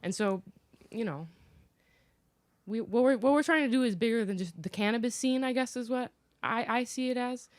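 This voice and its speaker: A woman's voice: fairly high pitch, moderate pace, pauses often, no room sound, studio quality. A woman guest on a podcast who speaks earnestly and thoughtfully, with a lot of filler words. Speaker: podcast guest, cannabis event founder. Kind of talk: casual podcast chat.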